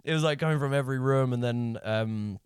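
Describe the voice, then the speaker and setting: A man, a guest comedian, telling a rambling story in a casual podcast chat, animated and laughing often, swearing freely. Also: medium pitch, fairly quick, clean tone, dry recording, studio quality.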